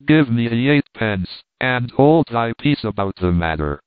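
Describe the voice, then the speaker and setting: A man's voice: mid-range voice, animated, unhurried, smooth, no room sound, lightly acted. A man reading a storybook, voicing a sly, greedy constable who talks in a wheedling, threatening way. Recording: tinny phone-like line, dry.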